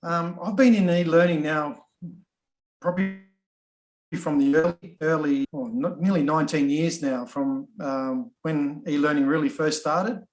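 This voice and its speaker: A man's voice: a little high, a little slow, roomy sound, low-quality recording. A middle-aged man with an Australian accent introducing himself in an easygoing, chatty way on an online course, full of ums and restarts. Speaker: course facilitator. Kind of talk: casual self-introduction in an online session.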